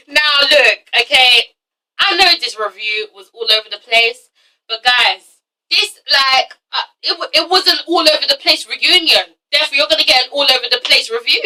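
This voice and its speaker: A woman's voice: high-pitched, normal speed, bright, forceful tone, recorded from a distance, rough recording. A woman from London with a London accent, chatting bluntly and swearing freely in a casual review vlog while she has a cold and cough. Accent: London English. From London, England. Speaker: vlogger reviewing TV shows.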